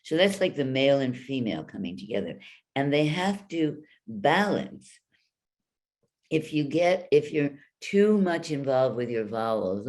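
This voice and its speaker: A woman's voice: rumbling low, very animated, a little mellow. A woman voice coach teaching an online workshop, explaining and demonstrating sounds over a video call. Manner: demonstrative, drawn-out vocal examples.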